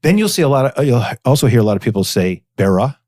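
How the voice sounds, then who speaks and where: A very animated, rapid-fire talker with a mid-range, darkish voice, this northeastern Pennsylvania preservation society director tells local history on a casual podcast. His delivery is chatty and full of fillers, and the recording is dry and studio quality.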